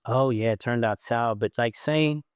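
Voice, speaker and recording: Animated South African man telling stories. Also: mid-range voice, normal speed, smooth, no echo, clean studio sound. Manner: animated storyteller who mimics other voices. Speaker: guest, former mayoral candidate. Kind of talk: casual interview storytelling.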